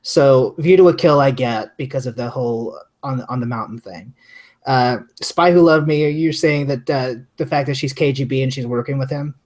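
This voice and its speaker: A man's voice: medium pitch, moderate pace, darkish tone. A man co-hosting a podcast, eager and tripping over his words in casual chat. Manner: eager, stumbling restarts. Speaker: podcast co-host.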